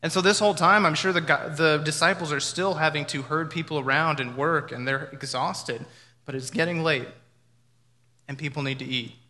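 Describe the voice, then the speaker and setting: Bright-voiced man preaching in a hall. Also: fairly high pitch, fairly even intonation, moderate pace. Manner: conversational, reflective, with imagined dialogue. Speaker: pastor. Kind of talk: sermon. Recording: reverberant hall.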